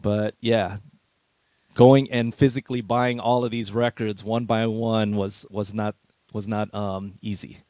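A man's voice: on the low side, level tone, unhurried, dark tone, no room sound. Easygoing middle-aged man reminiscing. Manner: easygoing, reminiscing, chuckles often. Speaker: veteran DJ guest. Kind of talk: relaxed storytelling interview.

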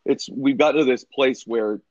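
A man's voice: mid-range voice, normal speed, a little mellow, no echo, dull audio. A man co-hosting a casual sports podcast, talking in a laid-back way and swearing freely. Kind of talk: casual chat.

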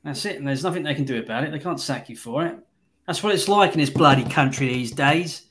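A man's voice: on the high side, fast talker, a bit bright, a little hiss or hum. A man hosting a casual film review podcast, talking in a blunt, wry way and swearing freely. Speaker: podcast host.

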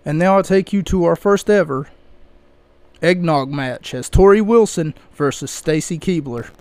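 A man's voice: fairly high pitch, moderate pace, a little mellow, no echo. A man hosting a podcast, talking casually and rambling with lots of fillers into a close microphone. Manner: rambling, chatty, frequent fillers. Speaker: podcast host. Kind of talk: casual solo commentary.

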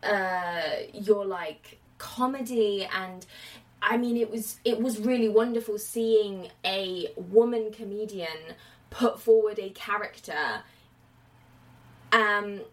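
Woman, late 20s, casual film chat, animated, a little off-mic. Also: medium pitch, slow pace, distant mic. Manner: chatty, acts out quotes with laughs. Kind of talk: casual chat about films.

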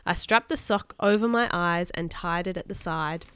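A woman reading a children's book aloud to live viewers, expressive and chatty between passages. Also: lowish voice, moderate pace, smooth, no echo, studio quality. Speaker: storybook reader.

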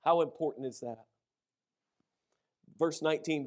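Middle-aged male pastor, fairly high voice, lively storytelling sermon. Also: measured pace. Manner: animated storytelling, acts out shouted quotes. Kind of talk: sermon with personal stories.

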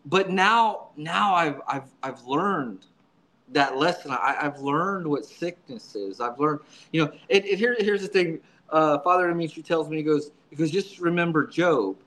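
A man speaking as a church subdeacon in a relaxed interview, sitting a little above the usual male range. He talks earnestly and haltingly, doubling and tripling his words as he finds his way through each thought. The tone is plain, personal storytelling. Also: a little high, poor audio.

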